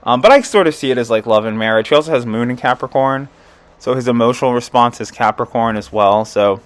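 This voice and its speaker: A man chats his way through an astrology chart reading, loose and rambling, with plenty of "like" and "um" and little chuckles. His pitch sits in a middle range for a man. The recording is dry and close, with no room sound. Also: rapid-fire, no echo. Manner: rambling, full of "like" and "um", chuckling asides. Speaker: tarot and astrology reader.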